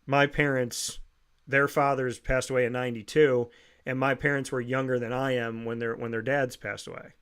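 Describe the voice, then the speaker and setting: A man's voice: mid-range voice, level tone, moderate pace, fairly bright tone, clear, resonant tone. A man hosting an interview, telling a personal story in a casual, earnest and reflective way, often restarting his sentences. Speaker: podcast host.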